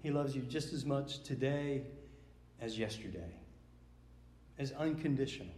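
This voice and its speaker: A man's voice: medium pitch, lively intonation, a little slow, darkish tone, slight background noise. A man preaching a sermon in an earnest way, often repeating words as he builds emphasis. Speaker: pastor. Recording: echoey hall with long reverb.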